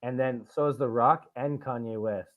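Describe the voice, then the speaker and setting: A man's voice: mid-range voice, moderate pace. A man hosting a podcast, telling stories in casual chat with lots of swearing and laughing. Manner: profane, animated storytelling with frequent laughs. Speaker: podcast host. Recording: tinny phone-like audio.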